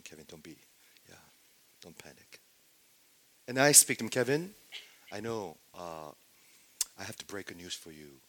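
A male preacher delivering a sermon with passion, swinging from loud exclamations to hushed, near-whispered lines. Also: mid-range voice.

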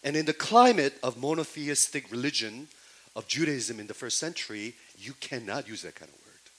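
A man's voice: medium pitch, lively intonation, normal speed, low-quality recording. A man preaching a sermon who keeps questioning his listeners and repeats himself, his voice climbing when he quotes scripture. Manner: questions the audience again and again, rising loud on quoted lines.

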